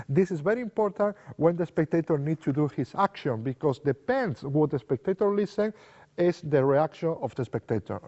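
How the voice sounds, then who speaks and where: A man explains card magic technique in non-native English, using simple, repetitive phrasing and acting out sample lines for a spectator. His voice is a little high and a little mellow, and the recording has long reverb and a dull lo-fi sound.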